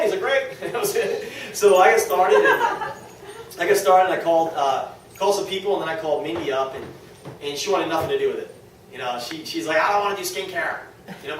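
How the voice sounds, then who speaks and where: Recorded on a distant mic in a very echoey meeting room with faint noise, a man with a fairly high voice gives a motivational testimonial at a business meeting. Speaking to a small audience, he races along with enthusiasm and livens things up by quoting others.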